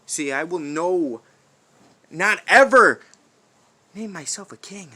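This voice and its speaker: A man cutting a menacing, in-character wrestling promo in a high, sharp, tense voice. He drags out his words slowly, taunting and cursing, and swings from loud outbursts to hushed, threatening whispers. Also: slight background noise. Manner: profane trash talk.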